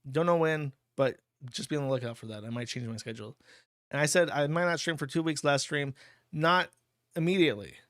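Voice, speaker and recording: A man's voice: fairly high pitch, brisk, a bit bright, no echo, studio quality. A man hosting a livestream, reading out donations and answering them in a blunt, crude, offhand way. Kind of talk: casual streaming commentary.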